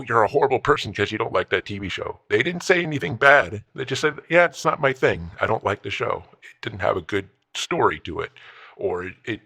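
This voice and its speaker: Comedy bit: a man as a cranky ancient old-timer, rambling gripes in a bright, sharp voice. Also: mid-range voice, breathy edge, exaggerated voice. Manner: rambling, grumbling, nostalgic complaints. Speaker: comedy character host. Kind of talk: comedic rant monologue.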